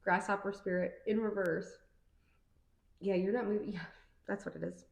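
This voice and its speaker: A woman giving a casual tarot reading, rambling and chatty, full of fillers and quick to laugh. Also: mid-range voice, fairly even intonation, creaky, echoey room, dull audio. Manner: playful, laughs easily. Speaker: tarot card reader.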